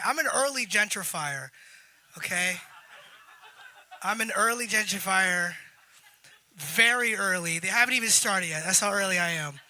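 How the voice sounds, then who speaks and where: A man doing stand-up in a club, with a deadpan, self-deprecating delivery. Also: sits high, low-quality recording. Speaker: stand-up comic. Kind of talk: stand-up set. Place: comedy club stage.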